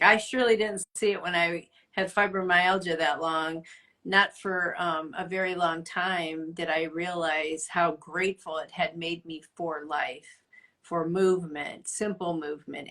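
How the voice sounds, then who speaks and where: Middle-aged woman, podcast co-host; earnest, encouraging, quick to laugh. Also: on the low side, a bit bright. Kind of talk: casual faith chat.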